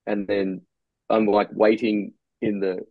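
Gravelly, husky man telling stories. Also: on the low side, little pitch movement, slow, no echo, narrow, tinny audio. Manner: rambling anecdotes with casual swearing. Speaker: brewery co-founder guest. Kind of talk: casual podcast storytelling.

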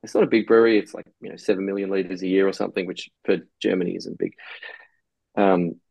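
A man tells a loose, rambling story on a casual podcast, swearing as he goes. His voice is low and gravelly, with a husky edge. He sits close to the mic in a dry room. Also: steady tone, fast talker, darkish tone, no echo. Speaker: brewery co-founder guest.

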